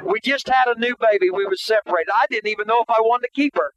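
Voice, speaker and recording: A man voicing a distraught truck driver who pleads tearfully to be saved, in a high, strained voice. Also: fast, fairly bright tone, dull audio, a little hiss or hum. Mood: confessional.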